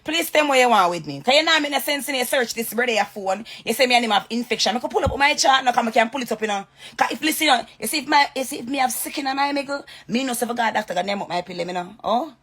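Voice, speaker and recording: A woman's voice: a little high, expressive, rapid-fire, fairly bright tone. Heated Jamaican woman ranting. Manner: heated, repetitive and confrontational. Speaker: social media personality. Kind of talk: direct-to-camera rant.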